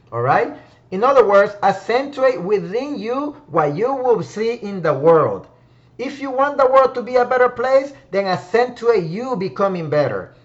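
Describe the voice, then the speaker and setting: Lively high-voiced motivational man. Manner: preachy, emphatic, repeats key phrases. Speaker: motivational speaker. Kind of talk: motivational talk. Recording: dull lo-fi sound.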